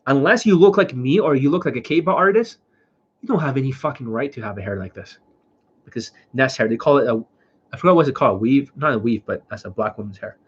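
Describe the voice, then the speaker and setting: A man's voice: mid-range voice, husky. A man who is unwell and coughing, doing a livestream question-and-answer as a dating coach, talking bluntly with lots of profanity. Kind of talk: livestream Q&A talk. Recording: dull lo-fi sound.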